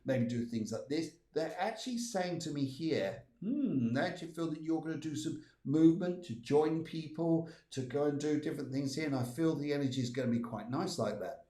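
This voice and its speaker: A man's voice: fairly high pitch, expressive, a little fast, few pauses, dark tone, echoey room. A man hosting a live stream as a medium, relaying messages from spirits with many fillers and repeated phrases. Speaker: medium giving readings.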